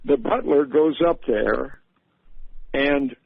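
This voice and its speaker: A man recounting a vision on a radio show in an unhurried way, with many fillers and restarts, heard over a tinny phone-like line. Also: mid-range voice, gravelly, slightly rough, no room sound.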